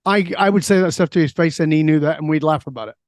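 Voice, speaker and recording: A middle-aged man, a guest on an interview, telling stories in a lively way and answering his own questions. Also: fairly high pitch, fast talker, no room sound, studio quality. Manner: lively storyteller who asks himself questions and answers them. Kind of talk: storytelling in a conversational interview.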